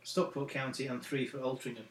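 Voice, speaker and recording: A man's voice: mid-range voice, flat delivery, brisk. A man hosting a casual podcast, chatty, stumbling a little as he reads out facts. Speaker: podcast host. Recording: echoey room.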